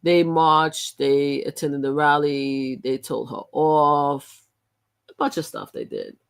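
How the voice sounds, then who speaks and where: A woman's voice: sits low, expressive, takes it slowly, gravelly, clear, resonant tone. A middle-aged woman hosting a live stream, talking in a rambling, emphatic way with frequent restarts. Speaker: livestream host. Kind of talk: casual live-stream commentary.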